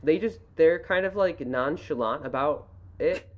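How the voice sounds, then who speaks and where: A woman's voice: deep voice, a little slow. A young woman co-hosting a casual book chat podcast, rambling and restarting her sentences, with sarcastic asides. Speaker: podcast co-host. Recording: rough, dull amateur audio.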